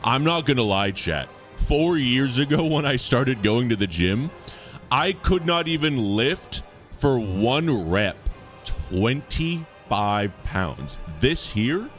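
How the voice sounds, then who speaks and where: Animated, joking man streaming live. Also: medium pitch. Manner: animated, joking, bursts into exclamations. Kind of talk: casual live-stream chat with viewers. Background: faint music playing.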